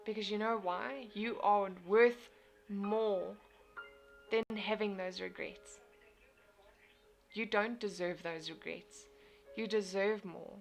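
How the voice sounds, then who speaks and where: A woman's voice: medium pitch, fairly even intonation, slow, vocal fry, pauses often, faint music behind. A young woman, hosting a casual motivational live stream, talking earnestly and reading out viewer comments. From South Africa. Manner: earnest, repeats and restarts phrases.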